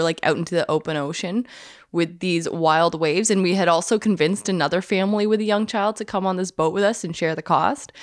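A woman's voice: lowish voice, no room sound, studio quality. A woman co-hosting a podcast, telling travel stories in casual chat and laughing often. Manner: chatty storyteller, laughs often. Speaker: podcast co-host.

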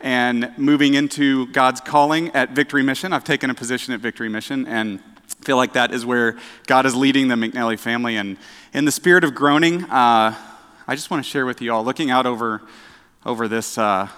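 A man preaching a casual sermon, chatty and self-deprecating, with halting restarts and dad jokes. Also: medium pitch, fairly even intonation, fairly bright tone, smooth. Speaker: director of outreach, preaching. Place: church sanctuary. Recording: echoey church hall.

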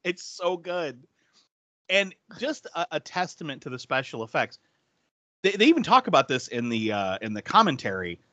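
A man's voice: on the high side, sing-song, normal speed, pushed and bright, no echo. A man co-hosting a casual film podcast, enthusiastic and giggly, who swears casually and laughs often. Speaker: podcast co-host.

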